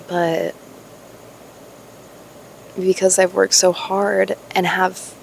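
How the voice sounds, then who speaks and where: A young woman talking candidly to her viewers in a vlog, musing slowly, laughing and swearing casually. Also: on the low side, gravelly, a little hiss or hum. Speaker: spiritual YouTuber.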